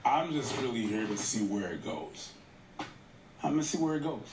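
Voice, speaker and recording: A man co-hosting a casual commentary show, talking in an animated way with quick asides. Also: mid-range voice. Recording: roomy echo, faint room noise.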